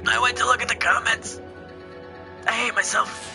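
A young man giving casual, excitable gameplay commentary as host, exclaiming and laughing as he plays. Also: very high-pitched, normal speed, gravelly, music in the background.

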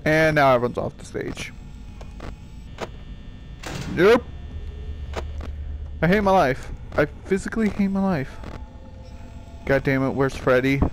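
A man's voice: on the high side, slight background noise. A young man giving panicky let's-play commentary, swearing and talking to the game characters. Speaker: gaming youtuber.

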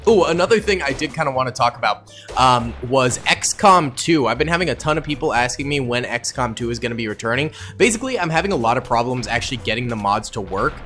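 A young man giving excitable, casual commentary over a battle game, with sudden loud outbursts and slang. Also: mid-range voice, fast talker, faint music behind. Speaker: gaming YouTuber.

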